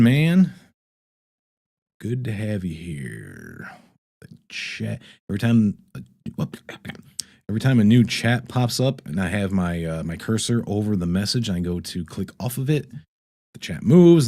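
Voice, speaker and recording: A man's voice: fairly low pitch, a little mellow. A man hosting a casual live stream, reading viewer comments aloud and rambling with frequent laughs. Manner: loose and rambling, reads chat aloud, laughs often. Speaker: livestream host.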